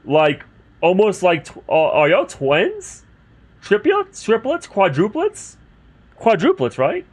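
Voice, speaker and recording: A man's voice: high-pitched, wildly swooping pitch, slow pace. A man streaming a role-playing game, chatting casually to his viewers between lines of game text. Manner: chatty, talks to chat while reading game text. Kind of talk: casual livestream commentary.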